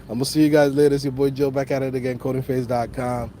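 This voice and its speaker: A man's voice: mid-range voice, level tone, quick pace, warm tone. New york guy chatting on a livestream, slangy and cussing, mid voice, street and car noise behind. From Dominican Republic. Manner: loose, slangy, swears a lot, laughs often. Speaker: host of a coding channel livestream. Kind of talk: casual livestream chat. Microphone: phone.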